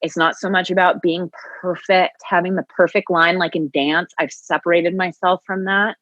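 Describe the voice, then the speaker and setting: Earnest woman guest, low voice, lo-fi sound. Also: steady tone, normal speed, fairly bright tone, no room sound. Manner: earnest, reflective storytelling. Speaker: yoga and Pilates teacher, guest. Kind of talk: conversational podcast interview.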